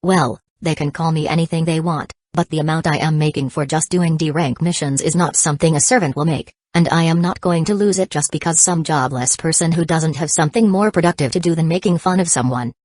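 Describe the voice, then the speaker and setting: A woman voicing a calm, self-assured nine-year-old boy ninja in an audiobook. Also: low voice, brisk, few pauses, dry recording, studio quality. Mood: steady.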